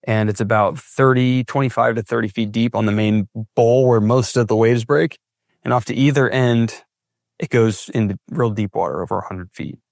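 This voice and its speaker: A man's voice: medium pitch, fairly even intonation, normal speed, gravelly, a little mellow, no room sound, studio quality. A young man from California, a big wave surfer, recounting his experiences as a podcast guest and acting out his own thoughts as he tells them. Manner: vivid retelling with acted-out inner thoughts. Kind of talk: storytelling in a podcast interview.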